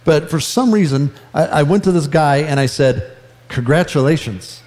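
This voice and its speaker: A man preaching a sermon, earnest and conversational, with self-deprecating humor, slowing down for emphasis. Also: fairly high pitch, a little mellow, long reverb tail. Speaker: pastor. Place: church sanctuary.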